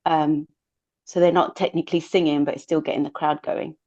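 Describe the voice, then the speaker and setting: A British woman in casual podcast chat, talking things through with plenty of ums. Her voice sits fairly low. The sound is a little muffled and lo-fi. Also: flat delivery, a little fast, mellow. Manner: chatty, thinks aloud with fillers. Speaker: podcast co-host. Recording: muffled lo-fi audio.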